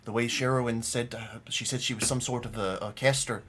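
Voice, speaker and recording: A man's voice: mid-range voice, fairly even intonation, brisk, fairly bright tone, close to an everyday voice. A man doing a stammering old gnome. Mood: hesitant. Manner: stammering, hesitant, apologetic. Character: old polite male gnome prisoner.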